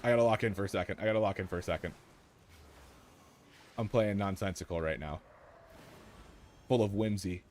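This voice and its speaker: Low-voiced man streaming a game. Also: fairly quick, pauses often, a little hiss or hum. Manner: excitable, jokey, talks to chat and teammates. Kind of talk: live gameplay commentary.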